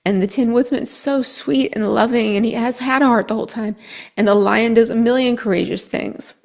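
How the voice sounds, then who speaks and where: A woman astrologer speaking to her viewers in an earnest, emotional monologue that sometimes drops to a soft whisper. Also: on the high side, fairly quick, gravelly. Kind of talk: reflective monologue to camera.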